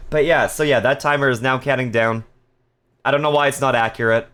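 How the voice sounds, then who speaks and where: A man's voice: mid-range voice, steady tone, a little fast, fairly bright tone, clean tone. A man casually chatting on a live stream, reading viewer messages aloud with playful jokes and frequent laughter. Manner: laughs often.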